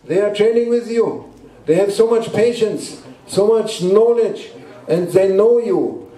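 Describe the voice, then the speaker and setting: A man, a Sufi sheikh, preaching to a gathering in halting English and repeating short emphatic phrases. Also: sits high, mellow. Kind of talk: sermon. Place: indoor gathering room at a guesthouse. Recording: roomy echo, distant mic.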